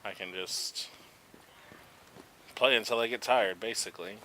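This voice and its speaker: Low-voiced man chatting over gameplay. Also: measured pace, slight background noise, rough recording. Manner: relaxed, chatty, explains game mechanics as he plays. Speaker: gaming video host. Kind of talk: casual gameplay commentary.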